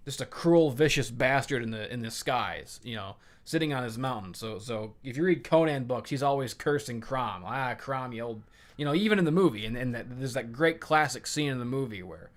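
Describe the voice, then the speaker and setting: Brief: male comic podcast host, casual, foul-mouthed, rambling. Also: mid-range voice. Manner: profane, rambling and animated. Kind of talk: casual comic book chat.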